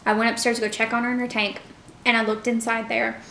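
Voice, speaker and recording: A young woman talks casually to her viewers while she eats, her voice sitting a little high and filled with loose fillers. The room rings with a noticeable echo, and a faint hiss runs underneath. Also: flat delivery, fast, creaky, pushed and bright. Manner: chatty, many fillers. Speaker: vlogger. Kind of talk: casual mukbang chat. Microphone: camera mic.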